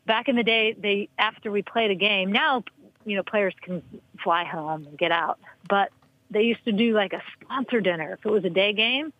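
A woman guest on a podcast, telling lively stories in casual chat and acting out the quotes. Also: normal speed, dry recording, highs cut off. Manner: animated, acts out quotes with big pitch jumps. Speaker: podcast guest, former soccer player.

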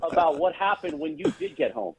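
A man calling in to a radio show, bantering in an animated, teasing way with mock-grand praise. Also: high-pitched, brisk, creaky. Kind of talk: casual sports radio banter. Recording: tinny phone line.

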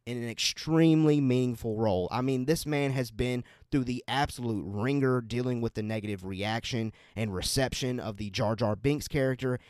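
A man co-hosting a podcast, chatting casually and telling his reactions with excitement. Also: medium pitch, normal speed, few pauses, no echo, studio quality. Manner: excited, animated storytelling. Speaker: podcast co-host. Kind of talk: casual chat.

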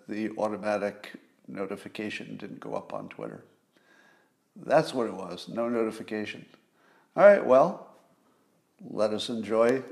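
Older guy musing on a home livestream, gravelly voice, chatty with viewers. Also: medium pitch. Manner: conversational, musing, talks to live viewers. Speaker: podcast host. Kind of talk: casual livestream monologue. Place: home, near a window.

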